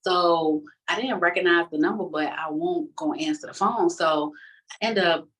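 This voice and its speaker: A woman's voice: fairly low pitch, normal speed, recorded from a distance, low-quality recording. Casual woman telling her testimony. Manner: animated, acts out the other people in her story; casual, conversational speech. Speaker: person giving a testimony. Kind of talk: personal testimony storytelling.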